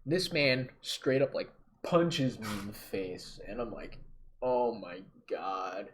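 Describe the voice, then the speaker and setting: A young man casually telling a story to camera, talking in slang and getting louder and more animated at the exciting parts. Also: mid-range voice, a little slow. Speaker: storyteller vlogger.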